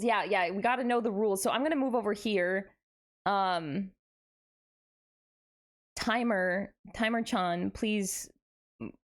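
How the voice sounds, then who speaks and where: A young adult woman streaming live, chatting casually with her viewers in a playful, dramatic way. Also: medium pitch. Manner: animated, playful, dramatic exclamations.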